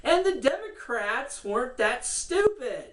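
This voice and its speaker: A woman's voice: high voice, sing-song, unhurried, far from the mic. A woman giving casual, sarcastic political commentary, cursing and laughing as she rants. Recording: roomy echo, from the mic, faint noise.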